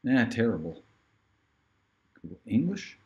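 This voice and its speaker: Playful, lively man teaching pronunciation slowly. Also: mid-range voice, highs cut off. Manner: playful, drills words slowly for repetition. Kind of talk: casual online pronunciation lesson. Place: outdoors in hot sun.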